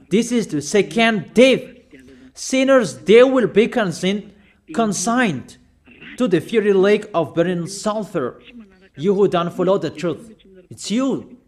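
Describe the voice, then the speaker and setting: High-pitched guy preaching, pushy, drags out lists word by word. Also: darkish tone. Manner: insistent, repeats phrases slowly for emphasis. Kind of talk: sermon.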